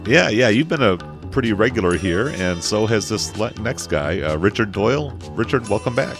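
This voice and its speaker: A man hosting a film podcast in a relaxed, rambling way, with many fillers. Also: lowish voice, normal speed, over music. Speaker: podcast host. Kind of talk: casual film discussion.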